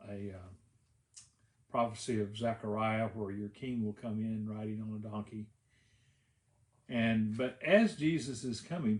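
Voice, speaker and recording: A man's voice: mid-range voice, roomy sound. A pastor preaching a sermon, telling the story in an easy conversational way, often restarting his phrases.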